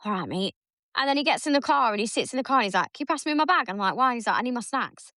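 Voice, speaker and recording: A fast-talking woman with a voice on the high side co-hosts a podcast, animatedly telling stories in casual chat and acting out what her son said. The recording is dry and clean, with studio sound.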